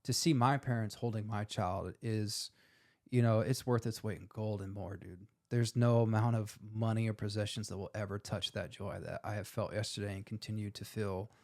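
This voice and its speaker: A man in his forties with a low, gravelly voice opens up in a candid interview. He talks in a heartfelt, emotional way, dropping casual words as he goes. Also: fairly even intonation, moderate pace. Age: 40s. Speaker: firefighter guest.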